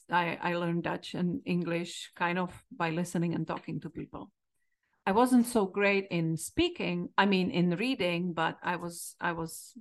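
A middle-aged woman from the Czech Republic with a Czech accent, a podcast host telling a candid, reflective personal story. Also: on the low side. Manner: candid, reflective, quoting herself with emotion.

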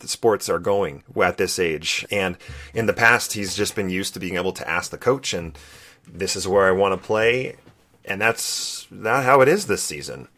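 A man in his thirties, a podcast co-host, telling a personal story in an earnest, reflective and quietly emotional way. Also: fairly low pitch.

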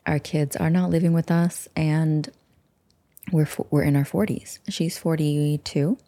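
Low mellow-voiced woman in her 40s, rambly chatty host, keeps dropping to little whispers. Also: steady tone, unhurried. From United States. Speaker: podcast host. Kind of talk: casual solo talk.

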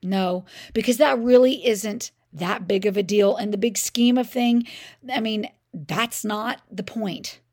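A woman's voice: medium pitch, measured pace, darkish tone. A middle-aged woman hosting a parenting podcast, telling a personal story in a conversational way, often saying "I mean" and "like".

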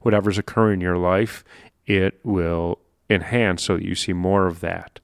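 Male motivational speaker, low voice, conversational and emphatic, dry close sound. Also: flat delivery, normal speed, creaky, clean tone, no echo. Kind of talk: motivational monologue.

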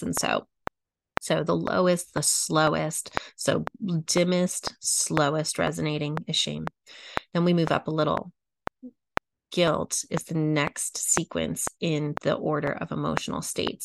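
A middle-aged woman teaching a coaching lesson, walking through a chart at a slow, measured pace and repeating her phrases. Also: deep voice, vocal fry, background noise. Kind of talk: teaching talk, reading a chart aloud.

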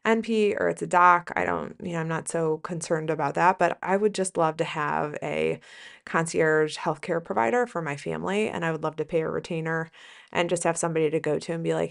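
A woman's voice: low voice, steady tone, a little fast, creaky. A woman hosting a podcast, talking casually in a rambling, chatty way with lots of fillers and self-corrections. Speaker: podcast host and business coach for nurses.

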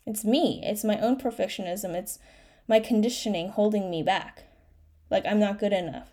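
A woman's voice: fairly high pitch, dark tone. Woman podcaster, candid emotional monologue, restarts and fillers, on the verge of tears. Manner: candid, self-encouraging, with frequent fillers and restarts. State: tearful at times. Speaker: podcast host.

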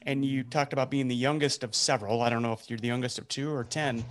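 A male podcast host summing up his guest's story in a reflective, halting way. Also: mid-range voice, fairly even intonation, a little hiss or hum. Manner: reflective, with many fillers and restarts. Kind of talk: casual interview.

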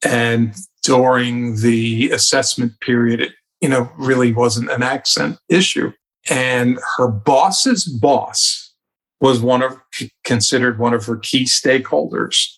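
A man's voice: medium pitch, takes it slowly. Man telling reflective work stories. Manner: reflective, anecdotal, animated in places. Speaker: guest, communication coach. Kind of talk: conversational storytelling.

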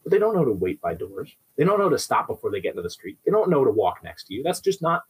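A man's voice: medium pitch, sing-song, quick pace, slightly rough, poor audio. A young adult man who trains dogs, explaining with everyday examples and often checking in with "right?". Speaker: dog trainer. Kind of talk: instructional talk.

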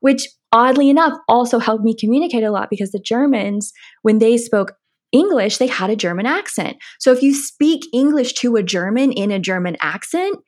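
A woman's voice: on the high side, lively intonation, moderate pace, darkish tone. A young woman with an American accent, a podcast guest chatting casually, often laughing and saying "like". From United States. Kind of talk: casual interview conversation.

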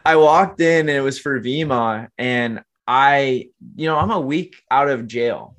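A man's voice: medium pitch, a little slow, a bit bright. Earnest young man telling his story. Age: 20s. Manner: earnest, motivational, addresses listeners as "guys". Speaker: podcast guest, entrepreneur. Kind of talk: candid storytelling interview.

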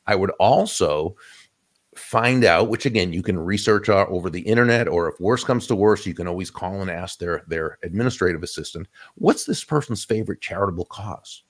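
A man's voice: deep voice, a little fast. A man interviewed as a guest, giving reflective advice in a conversational way, often restarting his phrases. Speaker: guest author.

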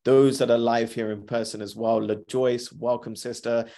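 A man's voice: medium pitch, little pitch movement, moderate pace, warm tone. A man hosting a live motivational podcast, upbeat and chatty, repeating his greetings and talking himself through his morning. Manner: upbeat, repeats greetings, self-talk asides. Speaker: podcast host.

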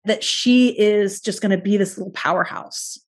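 This is a woman at a middle pitch, guesting on a podcast. She sounds earnest and thoughtful, and her reflections roll on in long, connected runs. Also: normal speed, husky. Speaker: guest, parent talking about parenting. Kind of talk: podcast interview conversation.

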